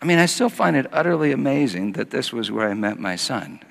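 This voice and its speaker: A man preaching a sermon as pastor, telling a personal story and moving from hushed passages to loud acted quotes. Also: medium pitch, sing-song, fairly quick, gravelly, slight background noise. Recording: long hall reverb.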